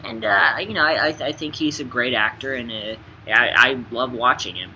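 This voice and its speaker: A young man answers light interview questions, playful and joking, dropping to quiet asides and then bursting out loud. His voice is bright and forceful. The recording sounds slightly dull, with a faint hiss behind it. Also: medium pitch, expressive, moderate pace, gravelly. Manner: playful, jokey, swings between soft asides and loud bursts. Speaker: interviewee, actor. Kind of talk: casual fun interview.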